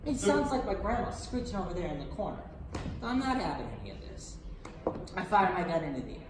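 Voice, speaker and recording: A woman's voice: fairly low pitch, sing-song, fast talker, far from the mic. A woman on a theatre stage playing a brash, foul-mouthed young guy who tells his story with swagger. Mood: boastful. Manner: cocky, profane, swaggering storytelling. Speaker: stage actor. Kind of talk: live theatre monologue. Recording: roomy theatre recording from afar, hiss.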